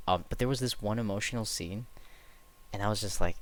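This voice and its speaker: A man's voice: lowish voice, a little fast. A young man telling stories casually on a late-night stream, rambling, correcting himself and chuckling at himself.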